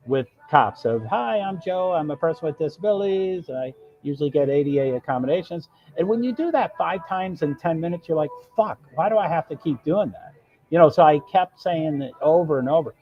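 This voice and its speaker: A man's voice: a little high, dull audio. A man telling a long story on his live stream, rambling, breaking off mid-sentence and acting out what others said. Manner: rambling, self-interrupting, quotes others. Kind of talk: casual storytelling.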